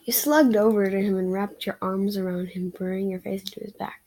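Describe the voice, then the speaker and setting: A woman reads a romance fan story aloud in a casual, unpolished manner, now and then tripping over a word. Her voice is breathy and a bit husky, with a mid-range pitch. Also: fairly even intonation, normal speed, few pauses, dark tone, poor audio. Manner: casual, giggly, slightly stumbling reading. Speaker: reader of fan fiction.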